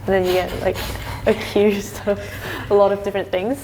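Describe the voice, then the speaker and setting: A woman interviewing people in a casual quiz, curious and quick to giggle. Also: mid-range voice, flat delivery, darkish tone, a little hiss or hum, rough recording. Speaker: street interviewer.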